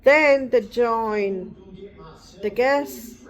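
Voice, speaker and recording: A woman's voice: on the high side, drawn-out words. A middle-aged woman vlogging in casual chat, rambling and digressive.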